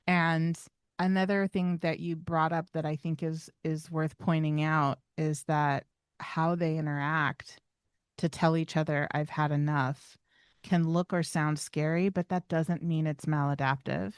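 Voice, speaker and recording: A woman's voice: sits low, level tone, a little slow, clear, resonant tone, no room sound, studio quality. A woman co-hosting a podcast, explaining dog behavior in casual chat and acting out little bits of dog dialogue. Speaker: podcast co-host, dog trainer.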